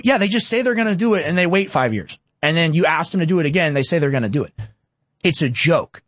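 A man's voice: a little high, expressive, fast, fairly bright tone, dry recording. A young man in his twenties giving heated, sarcastic political commentary. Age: 20s.

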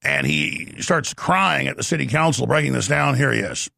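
A middle-aged man hosting a talk show, delivering a forceful, rapid, ranting monologue from a studio. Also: medium pitch, expressive, vocal fry, heavy background noise. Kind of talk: impassioned talk radio monologue.

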